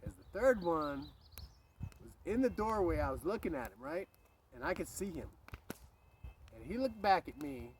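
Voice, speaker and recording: A man telling a spooky childhood story outdoors in a rambling, animated way, swearing and breaking off for passing cars. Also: on the high side, normal speed, long pauses. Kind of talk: casual outdoor storytelling to camera. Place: outdoors by a street. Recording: street traffic noise behind.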